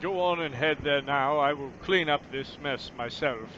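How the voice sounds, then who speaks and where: A man voicing a proud, wary male guard captain in a put-on rough accent that is hard to place, speaking with formal courtesy. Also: fairly high pitch, normal speed. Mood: courteous. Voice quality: put-on rough foreign accent, unsure whether Scottish or Austrian. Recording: muffled lo-fi recording with steady background noise.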